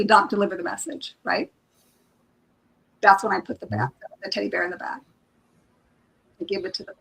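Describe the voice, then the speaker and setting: Her voice is creaky, mid-range, and fairly bright, captured on poor audio. The speaker, a psychic reader appearing as a guest, relates her own experience casually and emotionally during a live stream. She restarts frequently and dramatizes quotes.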